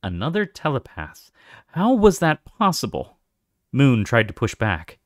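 Expressive man reading a fantasy novel aloud. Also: mid-range voice, measured pace, no echo, studio quality. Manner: expressive storytelling. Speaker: audiobook reader. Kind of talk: scripted narration of a fantasy novel.

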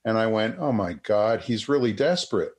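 A man's voice: on the low side, expressive, moderate pace, darkish tone. An older man, a psychotherapist and researcher, telling a story in an interview with many restarts and acted-out quotes.

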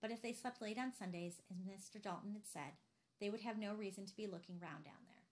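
Woman narrating a novel, measured. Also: medium pitch. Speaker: audiobook narrator. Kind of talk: scripted narration.

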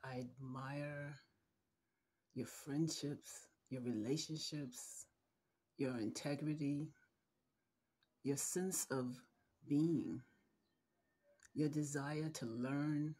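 Middle-aged mother, emotional, holding back tears; slow, halting, tender delivery with a mellow, breathy voice. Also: low-pitched, fairly even intonation. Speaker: mother addressing her adult son. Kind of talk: heartfelt personal video message.

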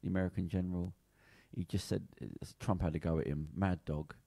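A man's voice: low-pitched, fairly even intonation, fairly quick, gravelly, mellow, no echo. A man co-hosting a podcast, rambling and trailing off as he searches for words. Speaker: podcast co-host. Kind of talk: casual chat.

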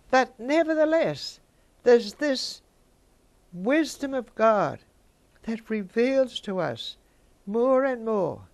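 An older woman, giving informal Bible teaching and chatting with her listeners. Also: on the low side. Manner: conversational, chats with listeners.

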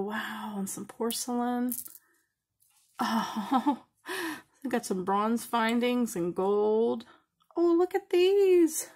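A woman with a soft, breathy voice unboxes beads at her craft table, speaking slowly and gushing over each find. Her delighted exclamations keep slipping into hushed whispers as she looks closer. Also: on the high side. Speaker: craft vlogger. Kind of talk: bead unboxing vlog.

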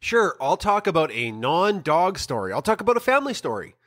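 A man's voice: a little high, sing-song, fairly quick, a bit bright, no room sound, studio quality. A middle-aged man co-hosting a podcast, telling a family story in a rambling way with frequent ums and restarts. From Canada. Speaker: podcast co-host. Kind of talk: casual chat.

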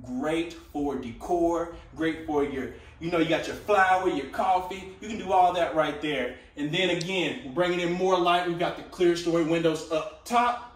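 A man's voice: on the high side, steady tone, normal speed, reverberant, distant mic. A man hosting a casual sales walkthrough of a tiny home, with upbeat salesy patter, talking to viewers as guys. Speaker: tiny home company host. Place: inside a small furnished tiny home.

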